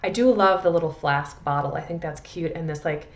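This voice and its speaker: Chatty Midwestern woman, low and muffled. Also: a little fast. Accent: American Midwestern. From Midwest USA. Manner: chatty, rambling, self-deprecating, frequent restarts. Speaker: perfume vlogger. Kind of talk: casual chatty review.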